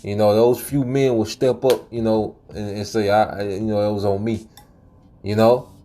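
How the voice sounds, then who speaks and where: Preachy man with a dark mellow voice. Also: fairly low pitch, flat delivery, moderate pace, soft background music. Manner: preachy, repeats "man" and "okay"; frequent laughs and fillers. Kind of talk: casual monologue.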